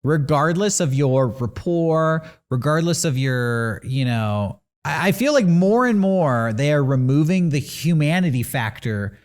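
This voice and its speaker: A man's voice: on the high side, animated, unhurried, few pauses. A man in his thirties co-hosting a podcast, chatting casually about news stories in an opinionated, rambling way. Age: 30s. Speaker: podcast co-host.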